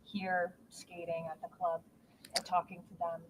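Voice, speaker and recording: A woman reporter asking brisk questions at a press conference. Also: fairly low pitch, completely flat delivery, breathy edge. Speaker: news reporter. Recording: distant off-mic reporter, faint background.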